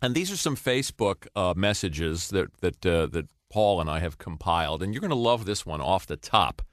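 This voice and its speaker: Lively-voiced man reading listener mail. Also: low-pitched, normal speed, no echo, clean studio sound. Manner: chatty, upbeat, reads listener mail. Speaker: podcast co-host. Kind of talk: casual podcast chat.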